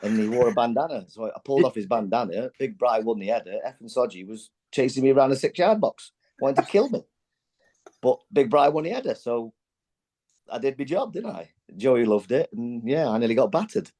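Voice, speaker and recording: A man in his forties, a former footballer, telling animated stories in a candid podcast chat and acting out what his teammates said. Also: medium pitch, a little fast. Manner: animated, acts out quotes from teammates; loose, chatty, many fillers and restarts.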